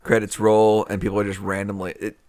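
A man's voice: lowish voice, monotone, fairly quick, darkish tone, no room sound, studio quality. A man co-hosting a podcast, chatting casually about a movie, laughing often and slipping into jokey voices. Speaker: podcast co-host. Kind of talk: casual movie review chat.

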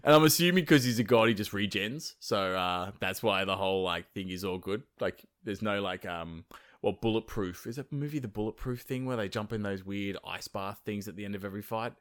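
A man's voice: on the low side, brisk, fairly bright tone. A man co-hosting a podcast, retelling a myth in a rambling, laughing casual chat. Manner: laughing, rambling, full of fillers. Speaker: podcast co-host.

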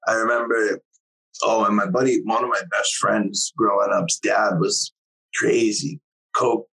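A man's voice: fairly low pitch, steady tone, unhurried, gravelly, pushed and bright, slightly rough, poor audio. A man telling a rambling story in casual chat, swearing as he goes.

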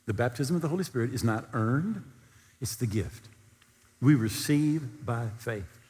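A man preaching a storytelling sermon, animated and at times near-shouting. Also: medium pitch, unhurried, slightly rough, long reverb tail.

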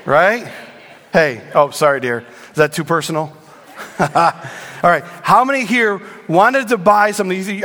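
Middle-aged pastor, high voice, lively and joking, hall reverb. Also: male voice, moderate pace. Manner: animated, joking with the congregation. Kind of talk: sermon. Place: church sanctuary. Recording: long reverb in a large hall.

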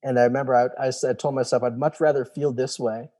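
A man's voice: mid-range voice, fairly even intonation, fast, dark tone. A man, a former special operations soldier, telling his personal story candidly in an interview, acting out the voices of people he quotes and swearing casually.

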